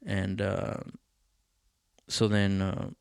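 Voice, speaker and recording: A man's voice: sits low, very slow, creaky, clear, resonant tone, no room sound, clean studio sound. A man hosting a podcast, telling a personal story in casual, profane chat and acting out what people said. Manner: profane, animated, acts out quoted voices. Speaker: podcast host.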